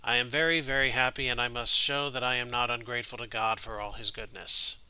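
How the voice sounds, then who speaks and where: A man's voice: mid-range voice, fairly even intonation, a little fast, bright, forceful tone, clean tone, low-quality recording. A man reading as a gushing young letter writer. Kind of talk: reading game text aloud.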